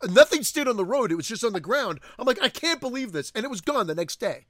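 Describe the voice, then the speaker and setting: Guy with a high bouncy voice tossing quick reactions into a podcast chat. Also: big pitch swings, a bit bright, no echo, studio quality. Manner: reactive, chiming in with short replies. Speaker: podcast co-host. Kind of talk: casual chat.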